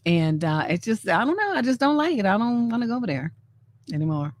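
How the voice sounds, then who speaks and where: A woman from San Francisco hosting a live stream, giving casual, animated commentary on memes and often acting out the lines she quotes. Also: fairly high pitch, quick pace. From San Francisco, USA.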